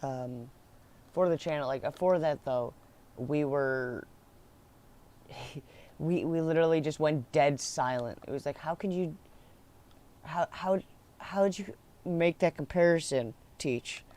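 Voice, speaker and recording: A man's voice: on the high side, slow, long pauses, a little mellow. A young man telling a school story in a rambling, casual way, laughing and swearing as he goes.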